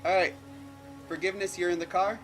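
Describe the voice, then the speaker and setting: A man's voice: high-pitched, level tone, fairly quick, a bit bright, soft background music, low-quality recording. A man running a tabletop game as game master, stammering and repeating words as he narrates.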